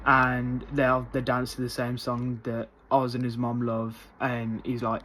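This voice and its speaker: A man rambles through a casual spoiler review, full of fillers and restarts. His voice sits at an ordinary middle pitch and swings into loud, high excitement. A faint background hiss runs under the recording. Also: unhurried, hardly any pauses. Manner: rambling, many fillers, gets loudly excited.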